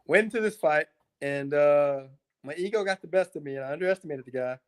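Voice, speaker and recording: A man, a mixed martial arts fighter, telling his fight stories in a casual interview, animated and profane, with lots of filler words. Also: on the high side, fast talker, clean tone. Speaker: MMA fighter guest.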